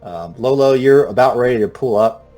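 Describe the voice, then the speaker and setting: A man's voice: mid-range voice, moderate pace, dark tone, soft background music. A man running a tabletop game as game master, narrating in a loose, rambling way with many fillers.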